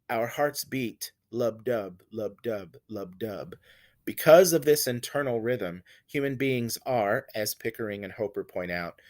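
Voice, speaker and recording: A man teaching a lesson on poetry, explaining stress and rhythm patiently and repeating examples with exaggerated emphasis. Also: mid-range voice. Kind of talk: recorded lecture on poetry.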